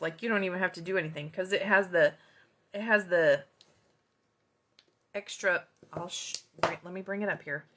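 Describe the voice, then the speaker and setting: At her home craft desk, a woman demonstrates card stamping in a relaxed tutorial, drifting into self-deprecating asides as she chats. Her voice is medium in pitch and a bit bright.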